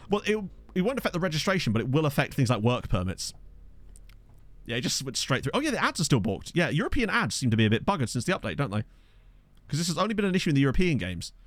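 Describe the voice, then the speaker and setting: A man streaming a football management game, chatting fast with his viewers, laughing often and getting excited at the action. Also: medium pitch. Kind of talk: casual live-stream commentary with chat. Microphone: desk microphone.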